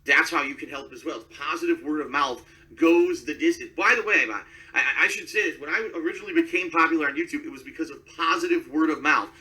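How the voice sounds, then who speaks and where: Bright-voiced male streamer, mic far off. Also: fairly high pitch, fast talker, hardly any pauses. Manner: self-promoting, defensive. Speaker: live streamer. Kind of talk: talking to stream chat.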